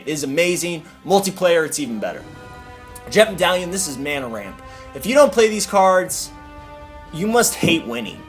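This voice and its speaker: A young man hosting a gaming video, giving casual, joking commentary on a card deck, bursting into loud enthusiasm and dropping into mumbled asides. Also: fairly high pitch.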